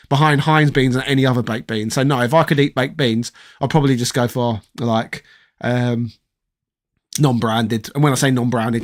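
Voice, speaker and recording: A man of around forty speaks in a put-on posh English accent, a persona voice he keeps up over his London upbringing. His voice sits a little high. He chats loosely and bluntly as a stream host reading comments, swearing as he goes. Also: a bit bright. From southeast London, England. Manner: mock-posh, opinionated, swears freely. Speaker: host reading live chat. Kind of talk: casual livestream chat.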